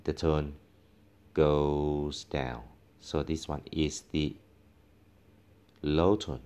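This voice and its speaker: A man's voice: very deep voice, fairly even intonation, extremely slow, mellow, clear, resonant tone. A man teaching a language lesson, patiently demonstrating tones by repeating each syllable several times. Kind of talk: tone pronunciation lesson.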